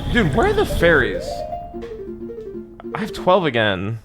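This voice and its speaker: A man's voice: a little high, huge pitch swings, measured pace, over music. A young man chatting casually on a live game stream, rambling and swearing, calling his viewers bro. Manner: rambling, profane, says bro a lot.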